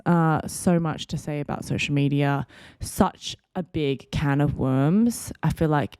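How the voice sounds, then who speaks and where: Chatty woman, low and dry. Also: a little slow, darkish tone, clear, resonant tone, no echo. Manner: chatty, rambling, playful sudden pitch jumps. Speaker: podcast host. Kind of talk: casual solo podcast chat.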